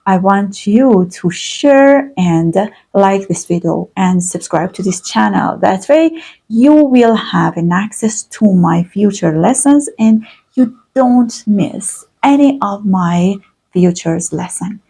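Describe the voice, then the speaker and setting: A woman teaching an online English grammar lesson, speaking slowly and deliberately and repeating each example. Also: medium pitch, lively intonation, gravelly, dark tone, husky.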